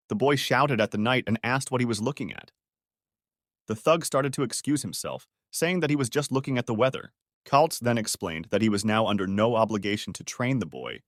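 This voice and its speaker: Dry, steady male recap narrator. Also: mid-range voice, no echo. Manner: even, steady reading in reported speech. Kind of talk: scripted story recap narration.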